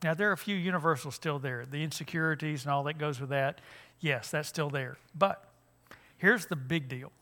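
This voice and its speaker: A man's voice: on the high side, normal speed, pushed and bright. An older man, giving a folksy, joking talk at a church conference, with frequent restarts. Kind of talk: humorous seminar talk.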